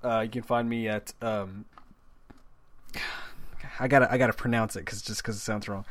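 A man's voice: on the low side, fairly even intonation, moderate pace, fairly bright tone. A young man co-hosting a gaming podcast, talking casually and often stumbling over his words. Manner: hesitant, stumbling restarts. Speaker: podcast co-host. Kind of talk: casual chat.

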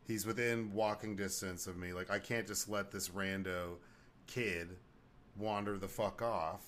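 Low-voiced man telling a profane story. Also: fairly even intonation, unhurried, fairly bright tone, a little hiss or hum. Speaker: podcast co-host. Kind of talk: casual chat.

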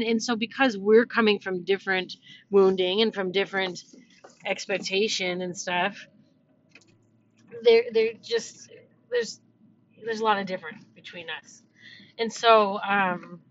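A woman's voice: mid-range voice, a bit bright. A middle-aged woman talking casually to her viewers in a chatty, reflective way, with many fillers and restarts. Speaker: vlogger. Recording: slightly dull, faint background noise.

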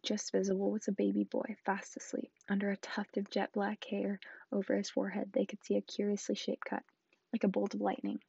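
A woman reading a storybook aloud, soft-spoken and often slipping into a whisper. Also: mid-range voice, completely flat delivery, a little fast, creaky, husky, no echo, lo-fi sound. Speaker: book reader.

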